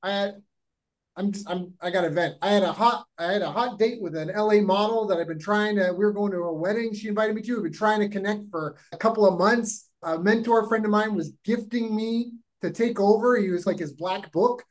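A man from Canada, a guest telling a long anecdote in a lively, rapid, casual way. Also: sits high, low-quality recording. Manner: animated, rapid, acts out voices in anecdotes. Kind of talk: casual storytelling.

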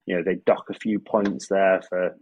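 A man telling a long anecdote in casual conversation, animated and acting out sound effects. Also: deep voice, moderate pace, slightly rough, dull audio. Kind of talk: casual storytelling chat.

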